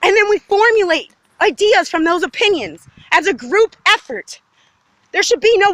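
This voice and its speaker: This vlogger's voice is extremely high and a bit bright, expressive and delivered at normal speed in a dry recording. Out in her neighborhood, she rambles agitatedly to the camera, emphatic and jumping between subjects.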